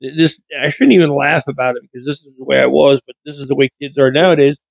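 A man's voice: medium pitch, fairly even intonation, fast, vocal fry, no echo, highs cut off. Rambling man telling stories, dry close mic. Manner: rambling, frequent self-corrections. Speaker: vlogger. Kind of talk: casual storytelling monologue. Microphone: studio mic with pop filter.

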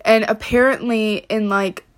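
Slow-talking young-sounding woman rambling. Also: on the high side, fairly even intonation. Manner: rambling, heavy use of "like", frequent swearing. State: upset, close to tears. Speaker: vlogger. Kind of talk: casual rant to camera.

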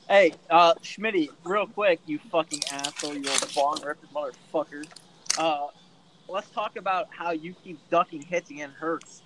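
A man's voice: a little high, normal speed, fairly bright tone, slight background noise, rough recording. A man telling stories and teasing friends with constant swearing in casual chat. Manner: profane, teasing storyteller. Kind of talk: casual crude banter.

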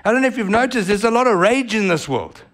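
High-voiced South African preacher. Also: male voice, quick pace. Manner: animated, acts out voices of others. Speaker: pastor. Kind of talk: sermon.

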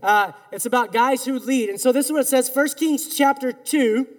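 High-voiced male pastor in a reverberant hall. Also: fairly even intonation, normal speed. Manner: earnest, emphatic, leads call-and-response. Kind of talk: sermon. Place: church sanctuary. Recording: long reverb of a large hall.

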